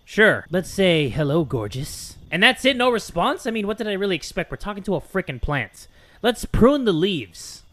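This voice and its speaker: A man giving comedic let's-play commentary, excitable and swearing, with loud outbursts. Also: sits high, moderate pace. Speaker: gaming video host.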